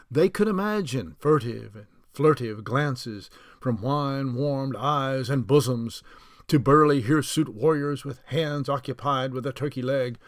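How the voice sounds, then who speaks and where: A man narrating a novel aloud, reading unhurried with small slips and restarts. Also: mid-range voice, no room sound, clean studio sound. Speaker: audiobook narrator.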